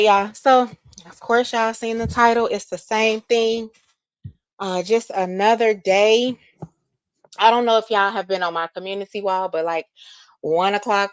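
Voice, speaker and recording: A woman's voice: mid-range voice, dry recording, lo-fi sound. A woman hosting a casual livestream, greeting viewers by name, a little out of breath and laughing often. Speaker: livestream host.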